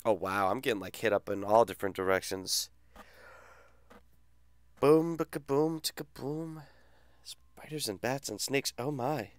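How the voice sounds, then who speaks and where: A male gaming streamer chats casually with his viewers, full of crude, teasing banter. His voice is smooth and resonant and sits in an ordinary middle register. The sound is dry and close, with no room around it. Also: medium pitch, unhurried, pauses often, dry recording. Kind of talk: casual live-stream chat.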